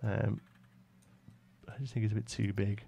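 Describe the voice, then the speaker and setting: A man's voice: lowish voice, little pitch movement, normal speed, vocal fry, mellow, husky. A man with a Brummie accent chatting casually on a live stream while he builds, reading viewers' messages and answering them. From West Midlands, England. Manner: chatty, reads chat aloud and answers viewers.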